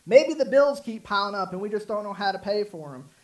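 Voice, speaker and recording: A pastor with a high-pitched, lively voice preaches a sermon a little fast, earnest and rambling. He repeats himself, restarts often and leans on fillers. The recording is rough.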